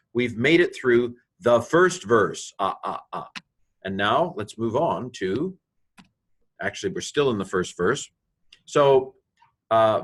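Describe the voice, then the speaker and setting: An older man with a husky, fairly low voice gives a recorded Hebrew grammar lesson as a Bible and Hebrew teacher. He rambles, jokes at his own expense, and fills his speech with fillers and restarts.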